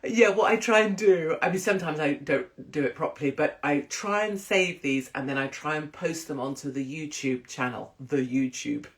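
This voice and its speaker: A woman's voice: low voice, normal speed, hardly any pauses. A woman in a casual monologue, telling blunt, profane, rambling stories. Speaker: commentator.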